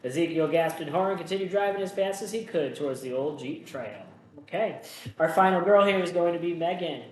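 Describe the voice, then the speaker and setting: A man's voice: fairly high pitch, brisk, roomy sound, poor audio. Casual man hosting a board game playthrough. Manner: casual, self-deprecating, thinks aloud. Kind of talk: solo board game playthrough with read-aloud story text.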